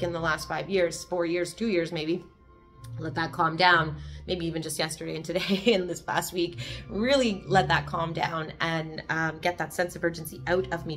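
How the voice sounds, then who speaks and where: A woman with a fairly low voice shares a daily meditation in an earnest, gently encouraging way. She sounds emotional, close to tears at times. Soft music plays faintly behind her. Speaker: host of a daily reflection video. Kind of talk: reading and reflecting on a daily meditation.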